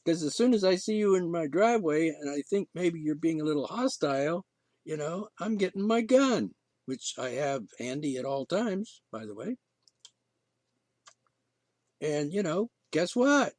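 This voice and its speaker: A man's voice: fairly high pitch, animated, normal speed, a little mellow, no room sound. A man hosting his own show, ranting in an indignant, sarcastic monologue full of restarts and asides. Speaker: podcast host.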